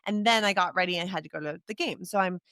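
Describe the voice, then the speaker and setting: A woman's voice: lowish voice, quick pace, sharp tone, no echo, clean studio sound. A woman podcast co-host in casual chat, telling a candid and emotional personal story. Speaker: podcast co-host and sports broadcaster.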